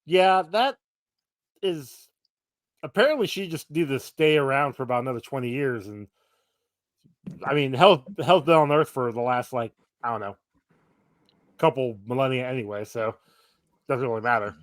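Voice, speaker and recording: A man's voice: mid-range voice, normal speed, pauses often, no room sound, clean studio sound. A man co-hosting a podcast in a casual chat, telling easygoing anecdotes. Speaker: podcast co-host.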